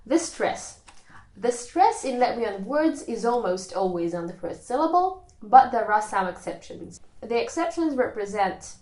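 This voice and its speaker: Woman teaching a language lesson, slow careful explaining, echoey room. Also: on the high side, sing-song, a little mellow.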